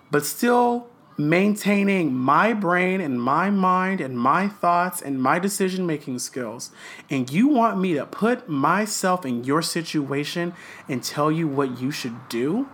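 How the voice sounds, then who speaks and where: Guy on a podcast ranting, swears constantly, rough around the edges, really fired up. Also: fairly high pitch, lively intonation, takes it slowly, a bit bright. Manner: profane, passionate ranting. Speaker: podcast co-host. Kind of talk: casual chat.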